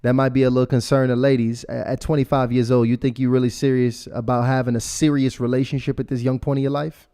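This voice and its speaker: A man hosting a dating show, talking in an energetic, playful way. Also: mid-range voice, fast talker, clean tone. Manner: energetic, playful, repeats words. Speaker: host. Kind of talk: casual chat.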